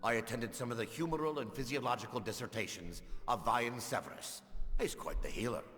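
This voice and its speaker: A man's voice: mid-range voice, fairly quick, a bit bright, breathy edge. An actor voicing a courteous male household servant and healer in a video game, speaking formally. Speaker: game character.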